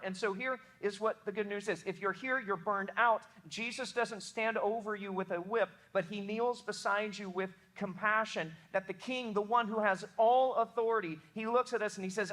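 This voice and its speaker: Bright high-voiced preacher with Southern American accent. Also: male voice, normal speed. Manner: earnest, emphatic preaching with many restarts. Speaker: pastor. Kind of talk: sermon.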